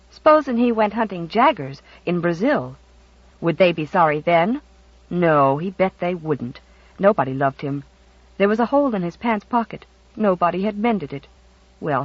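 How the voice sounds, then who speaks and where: Audiobook reader, middle pitch, expressive storytelling, dry dull sound. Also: no echo. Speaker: audiobook narrator. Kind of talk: scripted narration. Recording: dry, slightly muffled audio.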